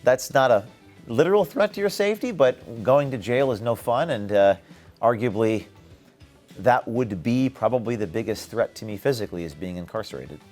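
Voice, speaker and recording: A man from the United States answering rapid interview questions bluntly and with emphasis, now and then breaking into short laughs. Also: mid-range voice, expressive, a little mellow, faint music behind. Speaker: interview guest, activist. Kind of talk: quick-fire interview answers.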